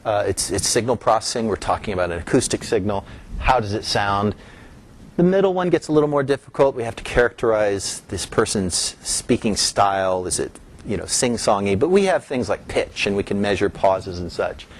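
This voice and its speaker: This middle-aged man's academic lecture comes in a lowish voice with lively intonation at normal speed. He explains step by step, emphasizing key terms with a rise in pitch, and makes some restarts.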